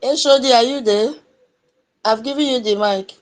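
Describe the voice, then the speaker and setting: A fairly high-voiced woman hands out the mic in an online audio room. She is chatty and teasing as she calls each speaker up. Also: normal speed. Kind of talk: casual moderating.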